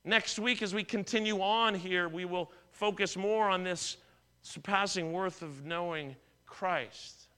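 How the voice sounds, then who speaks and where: A man's voice: high voice, measured pace, bright, forceful tone, clear, resonant tone. A middle-aged man preaching a sermon as pastor, conversational, telling personal stories and often restarting and repeating words.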